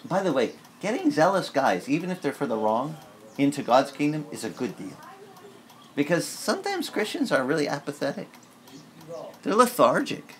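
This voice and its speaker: Speaking in a slightly high voice at normal speed, a man serving as pastor preaches a sermon in a church. His style is candid and conversational, and he breaks into lively, acted-out prayers.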